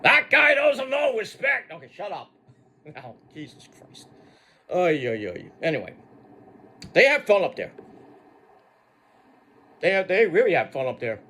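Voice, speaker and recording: A man's voice: on the high side, measured pace, pauses often. A man hosting a wrestling review, ranting casually with lots of swearing and mockery. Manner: animated, swearing, mocking. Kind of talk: casual profane rant.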